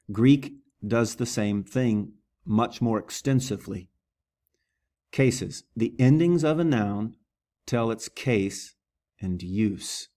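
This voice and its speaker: A man's voice: mid-range voice, a little mellow. A man teaching a language lesson, patient and methodical, sounding out words syllable by syllable. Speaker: Greek teacher. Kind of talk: slow classroom lesson.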